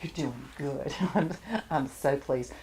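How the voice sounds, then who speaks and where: A woman's voice: rumbling low, takes it slowly, mellow. A woman teaching a live charcoal drawing class to students, encouraging them and laughing often as she works. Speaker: art teacher.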